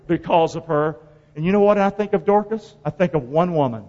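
A man's voice: a little high, fairly quick, warm tone, long reverb tail, dull audio. A man preaching a sermon in a church, emphatic and full of call-and-response. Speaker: pastor. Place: church sanctuary.

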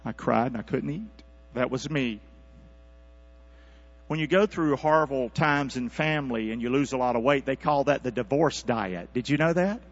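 A man preaching a sermon as pastor, calling out for responses from his congregation and swinging from quiet asides to loud, high-pitched exhortation. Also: moderate pace. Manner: calls for congregation responses, animated rising delivery. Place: church sanctuary. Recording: dull lo-fi church recording with mains hum.

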